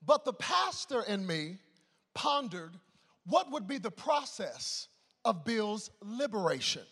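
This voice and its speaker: A man preaching a sermon, telling a humorous story and swinging between loud excitement and hushed tones. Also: high-pitched, slow, breathy edge, big-room sound.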